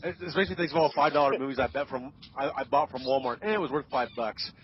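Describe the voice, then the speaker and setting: A man hosting a casual online group chat, his words tumbling out quickly. He rambles and restarts his sentences, laughing easily. The call audio is dull and lo-fi with a faint hiss underneath. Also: medium pitch. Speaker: podcast host.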